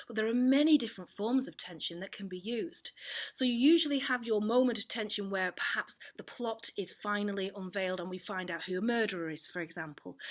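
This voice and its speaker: A woman teaching an online drama lesson, explaining clearly and demonstrating examples with her voice. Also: mid-range voice, a bit bright. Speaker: performing arts teacher.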